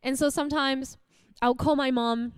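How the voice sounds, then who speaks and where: A young Australian woman preaching a sermon in a lively, conversational way, asking her listeners questions and laughing easily. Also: sits high, moderate pace, clean tone, no echo. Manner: warm, animated, laughs often, asks the audience questions.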